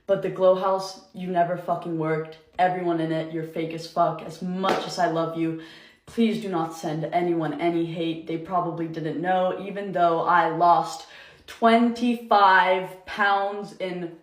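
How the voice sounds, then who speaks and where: A woman's voice: fairly low pitch, steady tone, unhurried. A young woman who is an influencer, angrily ranting and swearing through a storytime video. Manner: angry, profane, emotional rant. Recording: echoey room.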